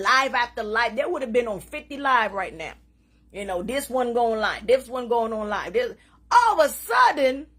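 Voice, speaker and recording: A woman chats on a casual live stream. Her voice sits high and lively, and she laughs often as she talks. She drops Creole phrases into her English. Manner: animated, laughing often, mixing in Haitian Creole. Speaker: social media live host.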